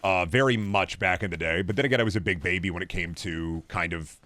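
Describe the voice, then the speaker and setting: Low-voiced young man streaming a game. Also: quick pace, pushed and bright. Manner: rambling, profane, chatting with viewers while playing. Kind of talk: casual gameplay commentary.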